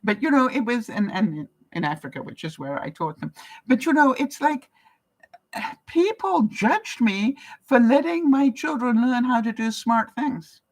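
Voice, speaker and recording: An older Canadian woman chats casually with her viewers during a live stream, answering their comments, laughing a lot and repeatedly asking them questions. Her voice is a little high and darkish, with big pitch swings and an unhurried pace, and the recording quality is low.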